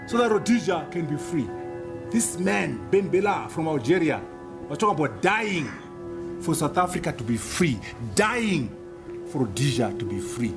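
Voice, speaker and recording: A man's voice: high-pitched, big pitch swings, normal speed, over music. A man from Zimbabwe giving an emphatic, rhetorical public speech, repeating key phrases for effect. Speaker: speaker.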